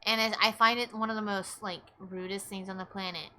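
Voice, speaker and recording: A woman's voice: mid-range voice, steady tone, a little fast, bright, forceful tone. A woman streaming a story game, chatting casually with her viewers, swearing, laughing and gasping often. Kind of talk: casual live-stream commentary.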